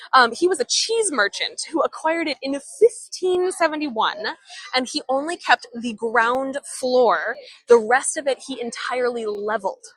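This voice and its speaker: A woman's voice: on the high side, fairly bright tone, slightly rough, no echo, low-quality recording. Chatty woman giving a walking tour. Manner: chatty, enthusiastic, reads viewer comments. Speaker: live walking tour guide. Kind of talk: live-streamed walking tour. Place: outdoors in an old town street.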